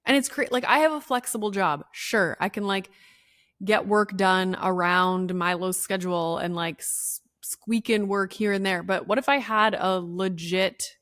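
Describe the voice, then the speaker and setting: A woman's voice: mid-range voice, measured pace, fairly bright tone, no room sound. Chatty woman telling a story, dry close sound. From Canada. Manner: chatty, many "like"s, acts out quoted voices. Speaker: podcast host. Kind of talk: casual solo podcast storytelling. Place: room at home.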